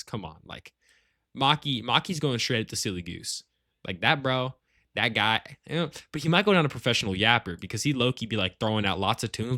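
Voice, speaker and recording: Sitting at home in a family household, a clan leader ranks the people in his gaming group, rambling on with slang and plenty of swearing in a casual tier-list style. His voice sits at medium pitch and is a bit bright. The studio-quality recording has no echo.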